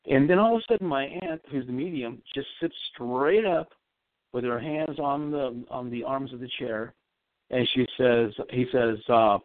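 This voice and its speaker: A man's voice: medium pitch, normal speed, no room sound. A man, a psychic medium, telling a long personal story in a rambling, earnest way during a casual call-in interview. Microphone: phone. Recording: tinny dry phone line.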